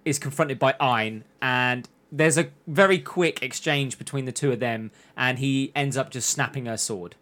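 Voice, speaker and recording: A man's voice: medium pitch, moderate pace, hardly any pauses, a bit bright. A man casually recapping an anime's plot in long runs, briefly acting out the characters' lines. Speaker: podcast host recapping an anime. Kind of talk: casual chat.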